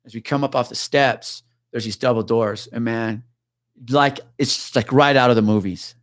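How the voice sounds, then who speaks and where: A man's voice: mid-range voice, moderate pace, no room sound, studio quality. A middle-aged man, a retired police officer, casually telling a tense story in an interview, swearing and acting out the voices of the people in it. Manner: animated, swearing, acts out quoted voices.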